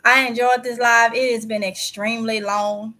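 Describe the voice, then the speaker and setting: A woman's voice: on the high side, flat delivery, normal speed, pushed and bright. A woman hosting a casual livestream, preachy and emphatic, repeating words for stress. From Mississippi. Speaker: YouTube channel host.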